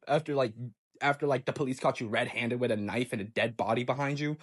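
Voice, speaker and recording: A young man telling a personal story in a casual, profane, excitable way, often stammering and restarting. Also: medium pitch, fast.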